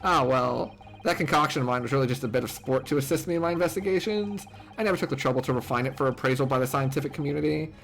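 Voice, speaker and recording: A man's voice: mid-range voice, quick pace, gravelly, fairly bright tone, soft background music. A man voicing an eccentric, theatrical male detective in a game, speaking in an elaborate, genteel way.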